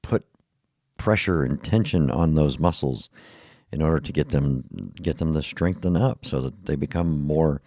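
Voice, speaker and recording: A man's voice: very deep voice, a little slow, a little mellow, dry recording, studio quality. A middle-aged man talking tiredly in a rambling, self-deprecating podcast monologue, laughing at himself often. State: tired, yawning. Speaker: podcast host. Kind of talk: casual monologue.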